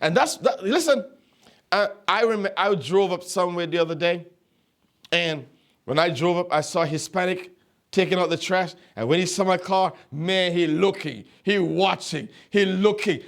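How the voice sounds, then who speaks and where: A man's voice: moderate pace, gravelly. A middle-aged male pastor from Nevis preaching a sermon, telling stories and repeating phrases with rising emphasis. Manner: emphatic, repeats phrases, rises to high exhortation. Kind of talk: sermon storytelling.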